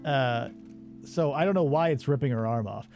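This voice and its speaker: A man hosting a casual movie-review show, retelling a plot in an animated, sarcastic way. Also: medium pitch, moderate pace, soft background music. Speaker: radio show host.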